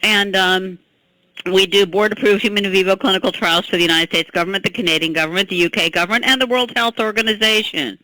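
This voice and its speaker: An older woman scientist talks as an interview guest, animated and emphatic, dropping laughs and "okay?" into her story. Her voice is bright and forward, and the sound is close and dry. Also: medium pitch, fast talker, dry recording, rough recording. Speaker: scientist and product inventor.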